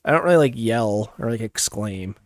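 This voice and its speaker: A man's voice: on the low side, expressive, moderate pace, no room sound. A man streaming a game live, chatting casually in a laid-back, chill way and chuckling often. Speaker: gaming streamer. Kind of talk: casual gaming livestream chat.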